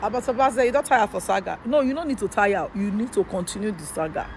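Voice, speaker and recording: High-voiced Nigerian Pidgin man ranting. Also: fast talker, a little hiss or hum. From Edo State, Nigeria. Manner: fired-up, rhetorical questioning. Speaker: vlogger. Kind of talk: political commentary rant.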